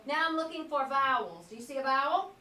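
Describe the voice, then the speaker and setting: A woman teacher with a high, expressive, bright voice and a forceful tone talks fast while leading a phonics lesson. She asks questions patiently and lengthens words as she models them. The classroom recording is distant and echoey, with faint hiss.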